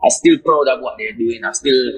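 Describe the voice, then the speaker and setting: Husky-voiced man on a distant call. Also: mid-range voice. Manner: halting, repeats words, measured. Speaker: remote co-host. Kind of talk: casual football chat. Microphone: video call.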